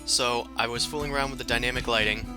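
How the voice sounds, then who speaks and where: A man hosting a tabletop game session, talking at an even middle pitch with an easygoing, halting way of speaking. A clear music bed sits behind his voice-chat audio. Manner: easygoing, hesitant with many fillers. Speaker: dungeon master.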